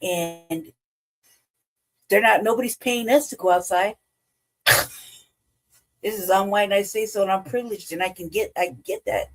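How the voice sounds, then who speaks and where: A middle-aged woman giving blunt, profane political commentary on a talk show, often breaking into laughter and animated asides. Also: lowish voice. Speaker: podcast co-host.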